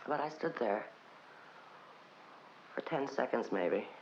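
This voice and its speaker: An actress playing a wry, bitter woman who drinks too much, talking in slow, theatrical swings from low murmurs to sharp high bursts. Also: expressive, full character voice. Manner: sardonic, theatrical, sweeping pitch swings. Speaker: actress in a filmed stage play. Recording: dull old film soundtrack with faint hiss.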